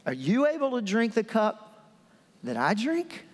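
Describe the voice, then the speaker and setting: A preacher voicing an exasperated, incredulous Jesus in a high-pitched voice, speaking in a large reverberant hall. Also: male voice, wildly swooping pitch, unhurried, exaggerated voice.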